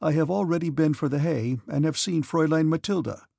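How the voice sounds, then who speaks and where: Guy reading a happy young cadet, friendly, slightly higher, raspy. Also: a little fast, dry recording, clean studio sound. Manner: warm and brotherly. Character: eager good-hearted young cavalry cadet.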